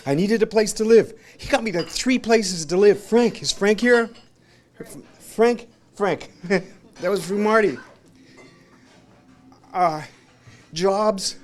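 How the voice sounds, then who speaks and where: A man with a slightly raised pitch speaks at a memorial gathering in a restaurant. His tribute is rambling and anecdotal, and he acts out other people's lines. He turns emotional and laughs between lines. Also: slow, pauses often. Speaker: friend giving a memorial tribute. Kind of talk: informal memorial speech. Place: restaurant, gathering of friends and family.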